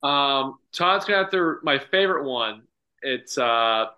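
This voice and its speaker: A man's voice: mid-range voice, expressive, a little slow, pushed and bright. An American man from the north-east USA, a golf professional guest, telling stories casually and saying "like" constantly. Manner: rambling, says "like" constantly. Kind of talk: casual podcast conversation. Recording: dull lo-fi sound.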